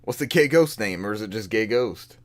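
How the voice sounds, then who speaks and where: A man's voice: fairly low pitch, animated, fairly quick. Laughing, joking podcast host man. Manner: laughs often, loose and joking. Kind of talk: casual chat.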